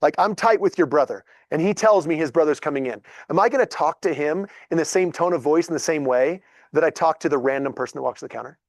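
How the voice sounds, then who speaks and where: A man, telling stories casually to a group in a lively, chatty way and acting out what people said. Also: fairly high pitch, quick pace, no echo, clean studio sound. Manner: animated, chatty, acts out dialogue. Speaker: real estate agent. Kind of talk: casual storytelling talk to a group.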